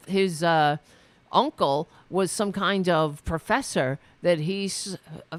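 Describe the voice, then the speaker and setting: Speaking in a medium-pitched voice with no echo, a political talk show host recounts an argument. It's casual commentary, and she sounds exasperated, cursing freely, using fillers, and frequently starting her sentences over.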